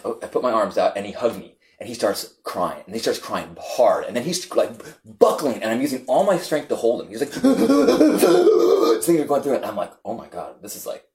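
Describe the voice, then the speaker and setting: A man's voice: lowish voice, a little hiss or hum. A man in casual conversation, telling a story with many restarts and acting out what others said. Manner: rambling, animated storytelling with restarts and acted-out quotes. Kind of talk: casual conversation among friends.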